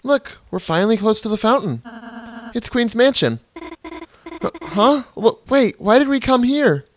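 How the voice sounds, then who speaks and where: A player voicing a shy, gentle young reindeer girl from a game, timid and stammering. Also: medium pitch, sing-song, a little slow, dry recording, voice pushed up.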